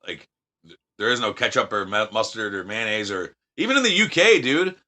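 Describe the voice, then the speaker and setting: A man from the United States, a podcast guest telling profane, animated anecdotes in casual chat. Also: fairly low pitch, a little fast.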